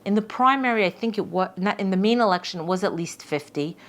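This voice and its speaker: A woman's voice: mid-range voice, fast talker. A middle-aged woman, a judge, telling stories in a casual interview, often repeating words and acting out what people said. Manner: lively, repeats words, acts out quotes. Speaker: judge and podcast guest.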